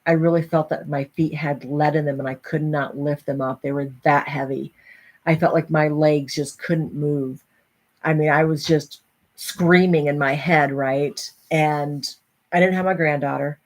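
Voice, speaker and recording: Low-voiced woman telling a personal story. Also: unhurried. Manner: animated storytelling, acting out other voices. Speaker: host.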